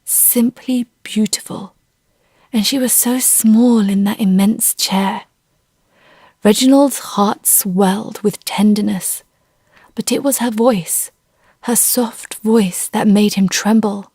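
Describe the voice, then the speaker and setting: A woman narrating a classic short story in a measured, gentle way. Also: mid-range voice, fairly even intonation, slightly rough, no echo, studio quality. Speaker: audiobook narrator. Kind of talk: scripted narration.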